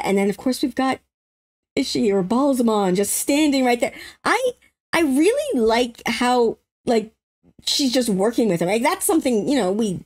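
A young adult woman hosting a casual trailer breakdown, excitable and breaking into squeals and laughs. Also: on the high side. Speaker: YouTube host.

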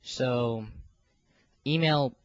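A man's voice: medium pitch, drawn-out words, no room sound. Teen boy vlogger, self-deprecating, full of ums and restarts; dull, dry home recording. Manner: rambling and self-deprecating, many fillers and restarts. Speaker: video creator organizing a fan voice series. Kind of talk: casual rambling vlog.

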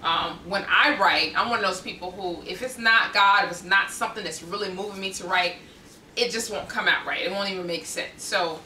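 A bright, forceful American woman chats casually about her ministry, animated and quick to laugh. She sits back from the mic in an echoey room. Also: mid-range voice, distant mic, slight background noise. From United States. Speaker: ministry host. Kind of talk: casual chat.

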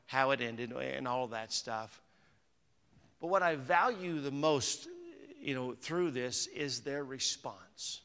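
A male pastor delivers a sermon in a bright, somewhat high voice. He moves between chatty asides to the congregation and emphatic, rising declarations. The sound carries the long reverb of a church sanctuary. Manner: conversational preaching, rising to emphatic peaks.

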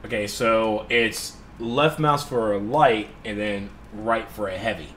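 A young man giving casual, excitable gameplay commentary, swearing often and laughing at himself. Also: lowish voice, unhurried, slight background noise. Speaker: gaming channel host.

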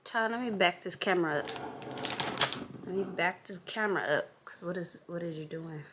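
A woman chatting casually in a vlog from her makeup table, talking to viewers as y'all and honey in a lively, animated way. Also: fairly low pitch, moderate pace, background noise. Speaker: vlogger.

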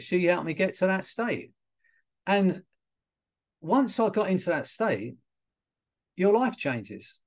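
A man's voice: a little high, darkish tone. Chatty man, hypnotherapist on a call. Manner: casual, chatty with fillers and small laughs. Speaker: hypnotherapist and trainer. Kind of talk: online talk to an audience. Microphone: video call.

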